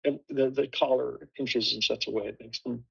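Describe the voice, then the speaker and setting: A man's voice: mid-range voice, fairly even intonation, moderate pace, vocal fry, fairly bright tone, breathy edge, highs cut off. A man speaking as a production designer in a casual panel talk, thoughtful and full of restarts.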